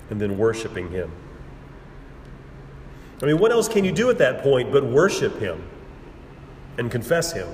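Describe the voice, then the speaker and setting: A man preaching a sermon in a measured, emphatic way, building repeated phrases and pausing for effect, recorded in a church sanctuary. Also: mid-range voice, a little mellow. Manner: measured, emphatic preaching with repetition and dramatic pauses. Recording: roomy hall with long reverb and faint background noise.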